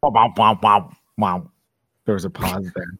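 A man co-hosting a casual podcast chat, dropping dry, deadpan one-liners. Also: low-pitched, a little slow, slightly rough, no echo. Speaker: podcast co-host.

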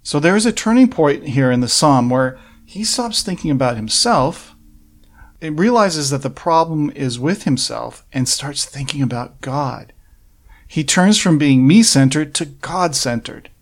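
A man preaching a sermon, working through a psalm verse by verse in an earnest, measured way and asking rhetorical questions. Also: fairly high pitch, expressive.

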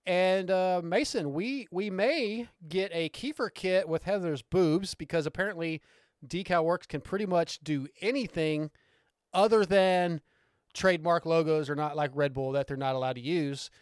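A man hosting a casual podcast, excitable and rambling, who swears freely. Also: a little high, moderate pace, clear, resonant tone, no room sound, clean studio sound. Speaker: podcast host.

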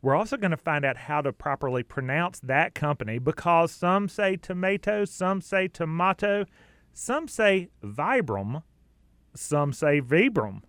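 A man hosts an outdoors radio talk show in a chatty, easygoing way, laughing often between points. His voice sits a little high. The studio sound is close and dry. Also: moderate pace, hardly any pauses, a bit bright, clear, resonant tone, no room sound. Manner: chatty, laughs easily, some fillers.

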